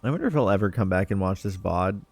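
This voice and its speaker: A man's voice: low voice, animated, fast talker, vocal fry, darkish tone, husky, no echo. A man streaming a puzzle game, chatting in a laid-back, rambling, self-mocking way. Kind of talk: casual gameplay commentary.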